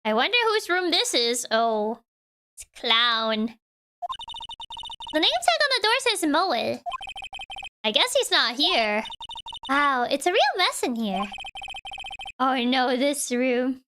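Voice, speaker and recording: A woman's voice: sits high, very animated, slow pace, long pauses, noisy background. A woman streaming a game with casual, playful commentary and muttered asides. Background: game music.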